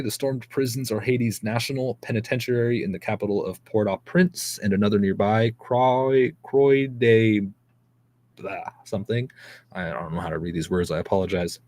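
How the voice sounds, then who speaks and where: A man hosting a daily news show, reading articles aloud and adding casual, skeptical commentary that sometimes stumbles over names. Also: on the low side.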